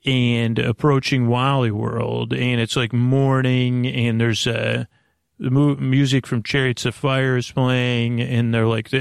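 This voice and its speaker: Gravelly guy rambling thru a movie recap, lots of uhs, dry close mic. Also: mid-range voice, dry recording. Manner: rambling, many fillers and restarts. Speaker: podcast host.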